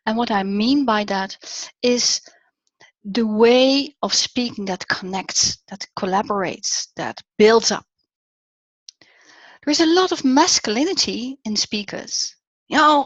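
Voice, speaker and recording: A woman's voice: on the high side, dry recording. Dutch-accented woman coaching, dull dry sound. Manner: animated, drops to near whispers for emphasis. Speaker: public speaking coach. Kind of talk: online talk. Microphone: video call. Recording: dull, dry online audio.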